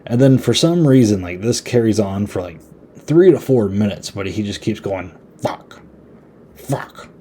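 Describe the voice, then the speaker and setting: Chill guy rambling through a horror movie review, lowish voice, pretty mellow. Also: animated, normal speed, slight background noise. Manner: laid-back, rambling and chatty. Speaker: podcast host.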